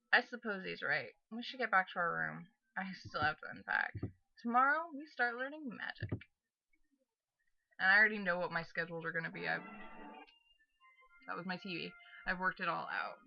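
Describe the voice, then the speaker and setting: A woman's voice: lowish voice, vocal fry, highs cut off. A young woman chatting casually as she plays through a game, rambling and giggly. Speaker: let's play host. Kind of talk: casual gaming commentary.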